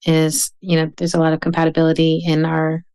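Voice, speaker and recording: A woman from the American South, a writer speaking as a podcast guest in a thoughtful, measured way. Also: low voice, completely flat delivery, dark tone, smooth. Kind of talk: reflective podcast conversation.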